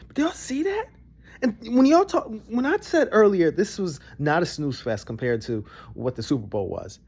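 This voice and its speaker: A young adult man, giving casual reaction commentary that swings from low grumbles to excited bursts. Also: moderate pace, creaky, husky. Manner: animated, jumps between low grumbles and high excited bursts. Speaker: vlogger reacting to a broadcast.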